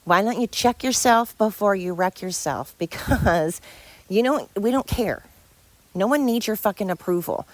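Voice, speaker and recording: A woman's voice: mid-range voice, normal speed, no room sound. A woman hosting a solo podcast, talking in a rambling, heated way, tired and stumbling over her words. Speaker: podcast host. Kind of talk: casual solo podcast monologue.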